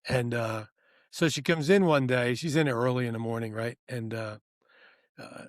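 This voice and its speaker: A man's voice: mid-range voice, moderate pace, dry recording, studio quality. A man co-hosting a podcast, telling a work story in a rambling, casual way and acting out the people he quotes. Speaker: podcast co-host. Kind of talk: casual anecdotal chat.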